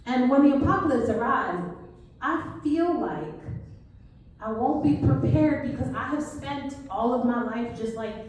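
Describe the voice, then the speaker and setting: A woman's voice: high voice, animated, a little slow, darkish tone. A young American woman doing a stand-up comedy set, talking in a wry, conversational way and laughing at her own punchlines. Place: comedy club stage. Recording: echoey club, mic at a distance, faint hum.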